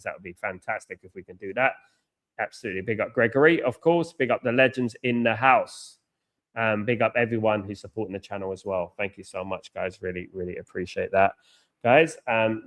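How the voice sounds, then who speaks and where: A man's voice: mid-range voice, fairly bright tone. A man hosting a live football watchalong, chatting casually, thanking viewers and often repeating himself. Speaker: watchalong host.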